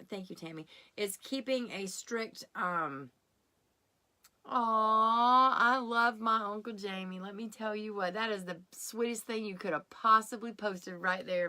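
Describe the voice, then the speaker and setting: A woman's voice: medium pitch, measured pace, sharp tone. A middle-aged woman hosting a live keto workshop, chatty and encouraging, greeting viewers by name as she talks. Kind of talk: casual livestream chat.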